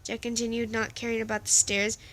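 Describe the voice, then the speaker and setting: A woman's voice: on the high side, little pitch movement, a little fast, gravelly, fairly bright tone. A woman casually reading a story aloud, stumbling and restarting now and then. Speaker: story reader.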